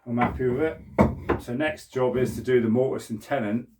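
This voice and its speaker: A man's voice: mid-range voice, normal speed, very noisy. A British man in his sixties chatting casually to camera in a small shed while he works, rambling and talking to himself. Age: 60s. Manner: chatty, rambling, self-talk while working. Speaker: woodworking vlogger. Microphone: camera on a mount.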